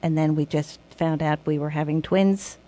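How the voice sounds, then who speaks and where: A woman in a radio studio, the host's wife, speaking softly in casual chat about her family. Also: sits low, steady tone, moderate pace.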